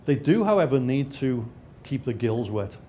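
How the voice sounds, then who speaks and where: A man of middle pitch lectures over slides, stumbling and restarting often. He drops in dry, self-mocking jokes, and a faint hiss runs underneath. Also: sing-song, normal speed, dark tone. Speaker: lecturer and researcher.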